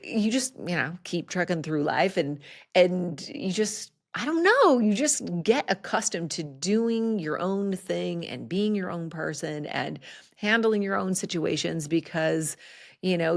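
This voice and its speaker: A woman host telling a personal story on a podcast, candid and animated, with laughing asides. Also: lowish voice, gravelly.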